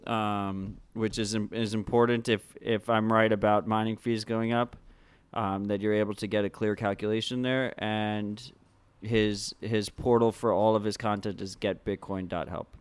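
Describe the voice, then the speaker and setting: Low-voiced man in casual podcast chat. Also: little pitch movement, clean tone, dry recording. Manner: halting, many restarts, enthusiastic. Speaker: podcast co-host.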